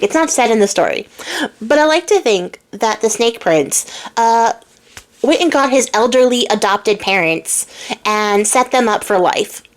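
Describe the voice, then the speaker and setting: A young woman hosting and telling a fairy tale in a chatty, giggly way with many fillers. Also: medium pitch. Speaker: host, storyteller. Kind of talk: casual storytelling.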